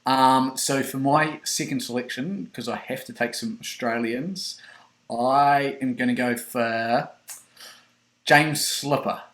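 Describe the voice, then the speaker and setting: A man's voice: medium pitch, steady tone, slow, a bit bright. A man hosting a casual fantasy draft chat, hesitant and repeating words as he explains his picks. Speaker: host.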